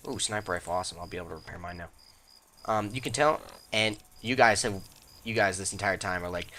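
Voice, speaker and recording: A young man talks his way through a game session in a bright, forward voice that sits a little low, and he rambles and doubles back mid-sentence. Faint crickets and clicks run behind him. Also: fast talker, slight background noise. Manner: rambling, chatty, self-interrupting; breaks into squeaky high mock voices. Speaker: let's play host. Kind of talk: casual gameplay commentary.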